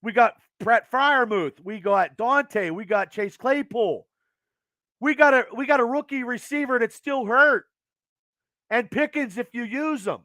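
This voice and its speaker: Male host at home, high sharp voice, cursing fast in angry outbursts, dry close sound. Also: no room sound. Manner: profane, agitated, fast rants. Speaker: podcast host. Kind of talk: angry sports rant to live chat.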